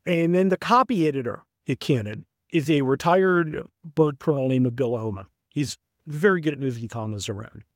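A man telling a long anecdote as a podcast guest, acting out the people he quotes in an animated way. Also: mid-range voice, normal speed, few pauses, no room sound, studio quality. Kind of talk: anecdotal storytelling.

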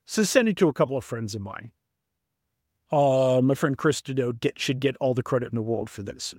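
A middle-aged man with a Southern US accent tells stories as an author in a casual interview, raising his voice to act out friends he quotes. His medium-pitched voice is brisk, with clean studio sound and no echo.

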